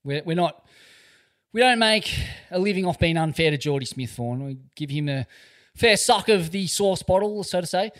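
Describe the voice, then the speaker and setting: A deadpan Australian man dropping wry puns as a podcast co-host. His voice sits a little higher than most men's. He talks in loose, casual banter. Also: normal speed.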